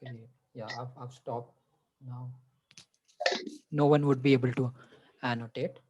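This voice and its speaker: Woman session host, slow and dark-toned, brief replies while running the screen share. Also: very deep voice, steady tone, lo-fi sound, a little hiss or hum. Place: online video class.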